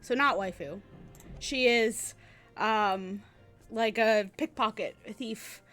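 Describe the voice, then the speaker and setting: A woman's voice: on the high side, slow, a bit bright, faint music behind. Chatty giggly woman streaming a game. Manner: chatty, giggly, thinks aloud. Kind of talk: casual game-stream commentary.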